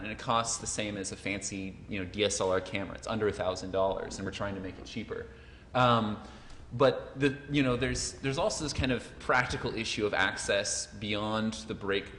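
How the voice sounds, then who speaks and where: A man's voice: fairly low pitch, fairly bright tone, slight background noise. A man answering as a panelist, enthusiastic and loose, with many fillers. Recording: echoey hall with faint ambience.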